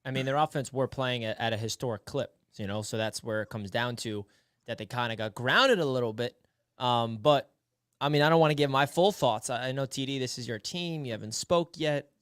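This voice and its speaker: A roundtable panelist with a mid-range voice, ribbing the others in a playful, needling way. Dry, close audio without room echo. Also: male voice, mid-range voice, a little fast, a bit bright, clear, resonant tone. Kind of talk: casual sports debate.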